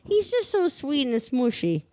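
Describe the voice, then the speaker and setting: A middle-aged woman co-hosting a podcast, playful and teasing in quick interjections. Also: high voice, very animated, mellow, no room sound. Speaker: podcast co-host. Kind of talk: casual movie chat.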